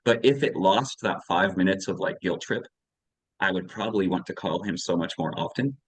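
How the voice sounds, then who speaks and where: A man's voice: sits low, moderate pace, no room sound, poor audio. A man in his forties in a candid conversation on parenting, reflective and thinking aloud. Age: 40s. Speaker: parenting educator.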